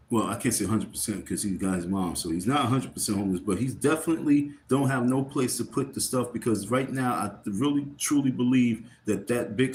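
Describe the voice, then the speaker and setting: A man ranting on his own livestream, worn out and annoyed, circling back over the same points and stumbling over repeated words. His voice sits at an ordinary middle pitch. It is picked up in a roomy space with a faint hum of noise behind him. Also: darkish tone. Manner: irritated, rambling, repeats words. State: tired. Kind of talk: casual livestream rant.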